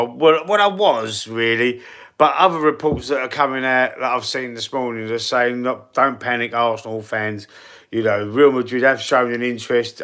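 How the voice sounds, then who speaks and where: A man's voice: medium pitch, a bit bright. Man, Cockney accent, live-stream football host, rambling, lots of ums and restarts, bit sniffly. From East London. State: runny nose. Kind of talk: casual live-stream chat.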